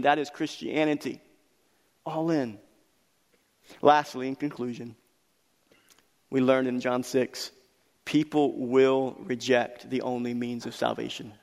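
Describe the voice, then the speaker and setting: A man preaching a sermon as pastor, emphatic and building to loud passionate peaks. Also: medium pitch. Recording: long reverb of a hall.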